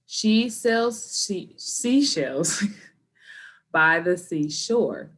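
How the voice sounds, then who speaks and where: A woman teacher giving a recorded grammar lesson to students and families, patient and laughing at her own stumbles. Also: low voice.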